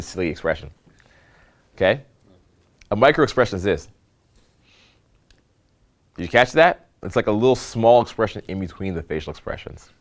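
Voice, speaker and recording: A dating and social skills coach with a fairly low voice runs a live seminar on social skills. He teaches animatedly, acting out examples and checking in with the audience through quick "okay?" and "right?" prompts.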